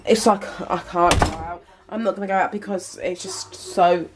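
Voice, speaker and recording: Over a noisy background, a British woman in her twenties rambles chattily to viewers in a casual home vlog. Her voice sits on the low side, at normal speed, with fairly even intonation.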